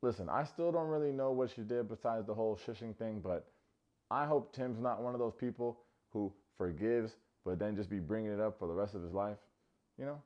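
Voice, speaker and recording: A man hosts a comedic recap of a TV show, tossing out sarcastic jokes and teasing asides. His voice sits fairly low, and the recording sounds a little dull and lo-fi. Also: fairly quick. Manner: playful, sarcastic, jokey asides. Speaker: recap host.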